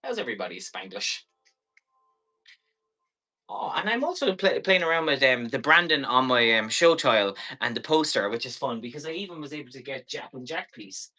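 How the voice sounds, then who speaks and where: Guy selling stuff on a live stream, bright sharp voice, rambly and jokey. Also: mid-range voice, big pitch swings, normal speed. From Ireland. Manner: chatty, playful, rambling.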